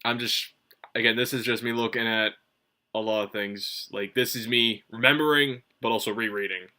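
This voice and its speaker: This is a man with a sharp, bright tone, chatting through a review on his own. He rambles, swears freely and keeps restarting his sentences with fillers. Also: mid-range voice, fairly even intonation, moderate pace. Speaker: manga reviewer. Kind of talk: casual solo review commentary.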